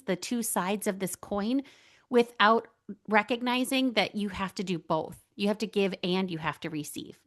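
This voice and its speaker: A woman's voice: medium pitch, fairly bright tone. Earnest woman podcaster, casual and chatty. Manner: earnest, casual, filler-heavy with many likes. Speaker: podcast host. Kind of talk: reflective solo monologue.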